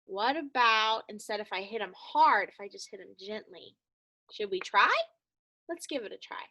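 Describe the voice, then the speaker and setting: A woman teaching young children a phonics lesson, speaking slowly and encouragingly and calling them friends. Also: mid-range voice, animated, bright, forceful tone, lo-fi sound.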